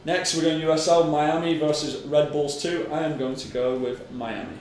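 A man's voice: fairly high pitch, normal speed, a little mellow, slight background noise. A man co-hosting a podcast, reading out football picks in casual, teasing banter with a bit of swearing. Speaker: podcast co-host. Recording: very echoey room.

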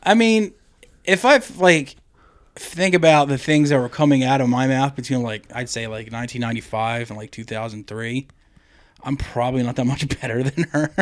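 A man's voice: medium pitch, normal speed, dry recording. A man co-hosting a podcast in crude, rambling comedic banter, swearing and laughing often. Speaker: podcast co-host.

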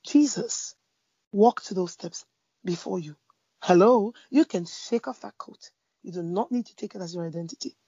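A woman speaking about faith in a conversation, telling a parable with lively storytelling, fillers and restarts. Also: lowish voice, moderate pace, breathy edge, no room sound, lo-fi sound. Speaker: Christian speaker. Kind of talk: preaching in a conversation.

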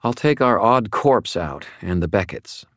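A man reads a tough, weary woman police detective with blunt, dry delivery. The voice sits higher than his own deep register, and the recording is close and dry. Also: animated, measured pace, a bit bright, no room sound. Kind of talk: audiobook character voice.

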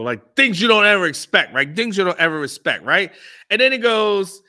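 Podcast host, male, high and very bright voice, slangy storyteller who chuckles a lot. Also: sing-song, normal speed. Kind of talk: casual storytelling chat. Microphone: own microphone on a live stream.

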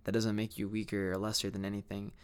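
A man's voice: fairly low pitch, monotone, fast talker, clean tone. A young man talking candidly to camera in a rambling, reflective vlog monologue, full of fillers and restarts. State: sleepy, yawning. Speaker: vlogger.

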